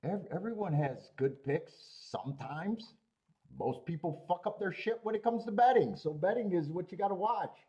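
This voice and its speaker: Loud animated man ranting about betting. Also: high voice, moderate pace, highs cut off. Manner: ranting, swears heavily, laughs often. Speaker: horse racing show host. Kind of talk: profane live-stream rant.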